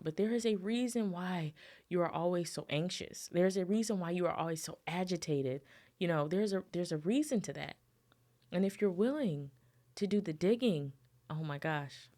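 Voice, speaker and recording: A young adult woman hosting a solo podcast, talking casually and expressively to her listeners. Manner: chatty, addresses listeners as y'all and sis; expressive, with quick jumps up in pitch. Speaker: podcast host.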